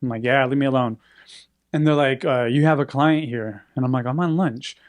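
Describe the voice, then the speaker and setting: A man's voice: medium pitch, a little fast. A man telling a story in casual chat, acting out the people in it. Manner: animated, acts out quoted voices.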